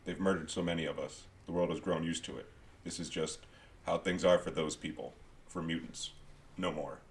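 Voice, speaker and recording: A man on a casual podcast, reading aloud in a low, laid-back way. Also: steady tone, moderate pace. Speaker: podcast co-host. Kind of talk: casual chat.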